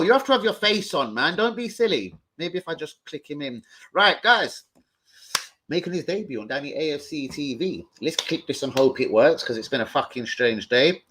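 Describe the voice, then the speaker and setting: A man hosting a football fan livestream, talking in an excitable, sweary, rambling way. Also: a little high, slightly rough. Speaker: host of a football fan show. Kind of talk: casual livestream chat.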